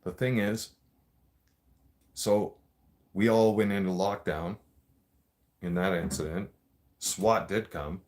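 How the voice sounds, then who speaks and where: A man with a low voice telling a story on his show in a loose, casual way. He is blunt and streetwise, swears in nearly every sentence, and talks straight at his listeners. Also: steady tone, slow pace, long pauses, a little mellow. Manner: swears constantly and addresses listeners directly.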